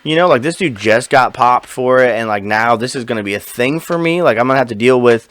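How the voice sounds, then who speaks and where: A man co-hosting a podcast, telling a story in casual chat, animated and profane, acting out the lines of the people in it. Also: medium pitch, fairly quick. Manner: animated, profane, acts out quoted dialogue. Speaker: podcast co-host.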